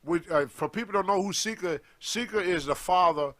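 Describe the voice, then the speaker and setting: A man telling a story in casual talk, animated and acting out the voices of the people in it, with loose grammar. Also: high voice, moderate pace. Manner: animated, acts out others' voices in his stories, loose grammar. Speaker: guest storyteller, former wrestler.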